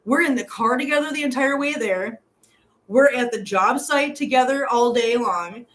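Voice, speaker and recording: A woman's voice: a little high, normal speed, a bit bright. A middle-aged woman hosting a casual live stream from a hotel room, rambling and repeating herself as she chats and reads viewer comments. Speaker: livestream host.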